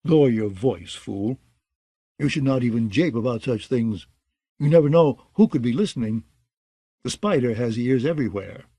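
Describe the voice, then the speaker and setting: A man voicing a cautious, stern young male acolyte who speaks low and hushed in an audiobook. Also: animated, normal speed, breathy edge, dry recording, studio quality. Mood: hushed warning.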